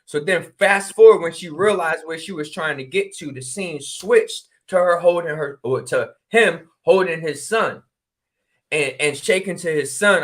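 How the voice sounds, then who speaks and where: A man from Connecticut telling a story in casual talk, acting out the dialogue with quick exclamations. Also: a little high, a bit bright. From New Haven, Connecticut. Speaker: spiritual regression practitioner.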